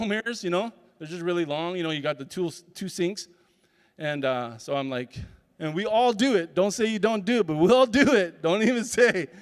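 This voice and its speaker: A man, a speaker and comedian, telling a personal story at a summit and acting out the dialogue with animation. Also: fairly high pitch. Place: large conference hall. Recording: long hall reverb.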